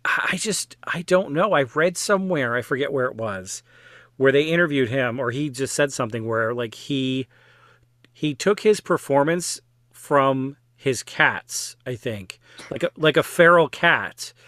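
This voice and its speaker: A man with a bright, crisp voice talks wryly about a film in a casual podcast chat. The sound is dry and close, with no room around him. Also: medium pitch, unhurried, no echo. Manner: chatty, wry, fillers like "like". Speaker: podcast guest or co-host.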